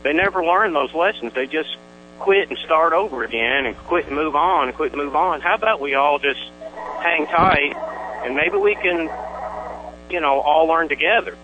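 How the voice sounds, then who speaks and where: An older male caller on a radio call-in show, speaking haltingly with many pauses and restarts. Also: a little high, muffled recording, noisy background. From Tennessee.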